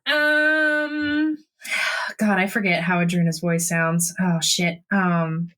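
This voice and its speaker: A woman's voice: lowish voice, takes it slowly, pushed and bright, a little hiss or hum. A woman playing a tabletop role-playing game, giggly and self-mocking, swearing when flustered. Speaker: player. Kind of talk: tabletop role-play chat.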